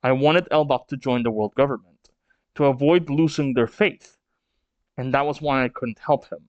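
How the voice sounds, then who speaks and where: A man's voice: medium pitch, moderate pace, no room sound, dull audio, natural voice. A man reading the lines of a proud giant king, grave and bitter. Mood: grieving.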